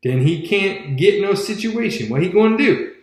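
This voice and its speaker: A man's voice: high-pitched, expressive, normal speed, a little mellow. A man voicing a stubborn Southern drawler. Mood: puzzled. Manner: stubborn, argumentative. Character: stubborn adult man, rural Southern talker. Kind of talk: audiobook character voice. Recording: very echoey room.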